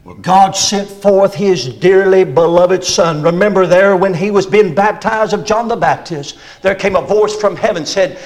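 Fervent high-voiced preacher man. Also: a little slow, few pauses, low-quality recording. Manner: fervent preaching, rising and shouting on key phrases. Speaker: pastor. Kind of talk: sermon.

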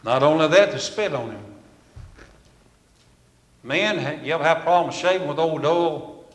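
A man preaching a sermon in a folksy, storytelling way, swinging from loud to hushed. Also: fairly high pitch, measured pace. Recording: echoey hall with long reverb.

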